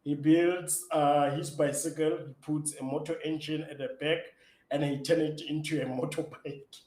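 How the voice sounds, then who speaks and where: A startup founder from South Africa answers interview questions eagerly, his fairly high voice at normal speed. He's an excitable storyteller full of fillers and restarts, recorded roughly in an echoey room.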